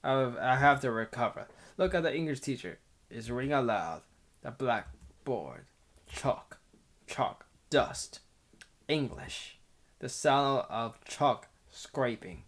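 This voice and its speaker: A man reading a visual novel aloud at an unhurried, drawn-out pace, breaking into laughter and side remarks. His voice sits in a middling range and the reading stays casual. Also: medium pitch, animated, a bit bright. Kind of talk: casual game playthrough narration.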